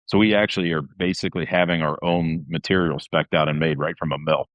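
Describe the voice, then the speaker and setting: A man's voice: rumbling low, steady tone, quick pace, fairly bright tone, dry recording. A man, a gun maker guest on a podcast, explaining things in a plain, matter-of-fact way. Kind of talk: podcast interview.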